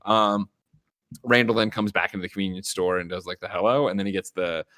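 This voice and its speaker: A podcast host talks through a movie's scenes in a rapid, casual rush, dropping swear words as he goes. His voice sits low, and the sound is dry and close with no room around it. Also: steady tone, a bit bright, no room sound. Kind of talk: casual movie review chat.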